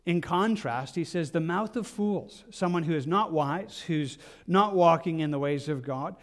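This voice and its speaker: A man's voice: fairly high pitch, measured pace, few pauses. A man preaching a sermon in a conversational way, with many asides and restarts. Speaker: pastor.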